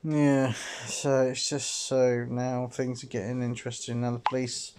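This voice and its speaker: A man's voice: mid-range voice, flat delivery, unhurried, a little mellow, smooth. A man commenting on a video game he is playing, reacting under his breath and hedging with lots of "sort of" and "I suppose". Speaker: gamer. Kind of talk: let's play commentary.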